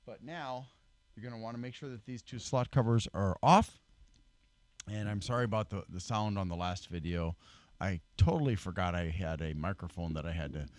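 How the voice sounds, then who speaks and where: This casual PC building walkthrough is hosted by a man whose voice is fairly low and a little mellow. He rambles, fills gaps, corrects himself and throws in dry self-mocking asides. His desk microphone records him dry and up close, with his level dipping when he leans back.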